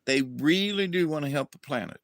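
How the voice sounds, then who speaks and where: A man's voice: a little high, animated, a little fast, no room sound. A man hosting a livestream, chatting casually and rambling with restarts and acted-out quotes, from the southern United States. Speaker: livestream host.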